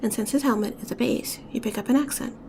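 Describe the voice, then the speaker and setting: Soft, gravelly-voiced woman teaching beadwork. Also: fairly high pitch, quick pace, slight background noise. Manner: soft-spoken, often drops to a whisper while working. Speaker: beading tutorial instructor. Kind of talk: step-by-step craft tutorial.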